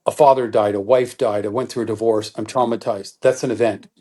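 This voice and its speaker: Here the middle-aged interview guest talks a little fast with a fairly low pitch. He lays out his expertise like an animated lesson, dramatizing quoted thoughts along the way.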